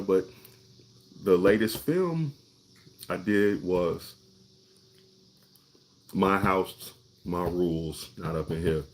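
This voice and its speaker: A middle-aged man, an actor, telling stories in a relaxed, conversational way and often restarting and repeating words. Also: low voice, a little hiss or hum. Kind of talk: casual storytelling monologue.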